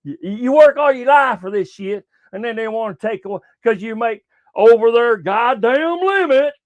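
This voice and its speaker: A man's voice: very high voice, moderate pace, no echo. An older man, hosting a casual sports talk show, rambling with lots of profanity and stumbling restarts.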